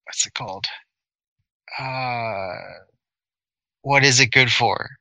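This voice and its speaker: A man co-hosting a podcast, chatting casually with rambling, animated storytelling. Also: medium pitch, takes it slowly, dry recording, poor audio. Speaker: podcast co-host. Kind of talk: casual chat.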